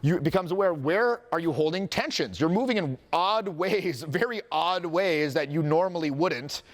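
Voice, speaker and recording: A man's voice: fairly high pitch, normal speed, in a large hall. A man coaching a live audience on confidence, candid and profane, with joking asides and acted-out quotes.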